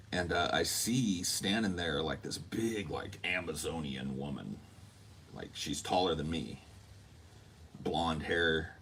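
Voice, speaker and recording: A man hosting a podcast, telling a dream in a loose, animated way, acting out quotes and swearing freely. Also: a bass voice, gravelly, slight background noise. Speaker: podcast host. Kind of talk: casual storytelling.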